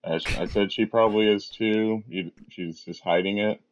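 A man's voice: on the low side, fairly even intonation, moderate pace, highs cut off, a little hiss or hum. A man co-hosting a podcast, recapping a film plot in a plain, matter-of-fact way. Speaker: podcast co-host.

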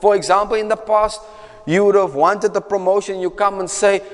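A man's voice: sits high, fairly even intonation, normal speed. A man preaching a sermon in a conversational way, repeating phrases and often asking "right?". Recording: echoey hall.

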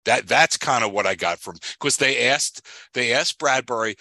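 A man co-hosting a casual sports podcast, ranting hard and circling back on the same phrases. His voice is very bright and cutting. It sounds dry and close, with no room around it. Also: mid-range voice, lively intonation, normal speed, gravelly, no room sound. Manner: heated, emphatic rants with repeated phrases. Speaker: podcast co-host.

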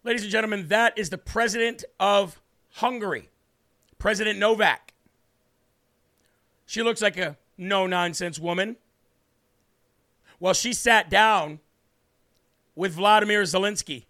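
A man hosts a political talk show, mocking and opinionated. His voice is high and bright, with a gravelly edge. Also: fairly even intonation, moderate pace, pauses often. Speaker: host.

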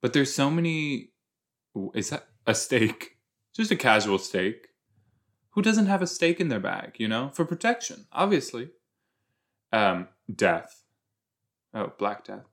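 Giggly man with a lively, slow delivery. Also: medium pitch. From Los Angeles area. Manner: giggly, rambling, self-mocking. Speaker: podcast host. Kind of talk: rewatch reaction commentary.

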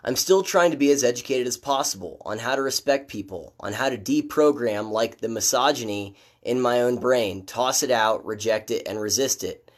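A man's voice: mid-range voice, moderate pace, hardly any pauses. A man giving critical, sardonic commentary on a documentary, with frequent fillers and restarts. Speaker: political commentator.

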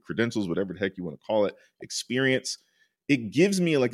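Man, counselor guest; low voice with lively swings in pitch, informal rambling delivery, dry close recording. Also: no echo. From United States. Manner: informal, rambling, frequent "right?" and "like"; gets loud and high-pitched when excited. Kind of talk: candid interview conversation.

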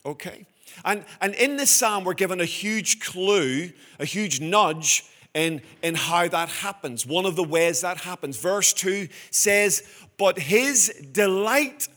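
A man preaching a sermon to his congregation, earnest and emphatic, slowing down to stress key phrases. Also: sits high, expressive, fairly bright tone.

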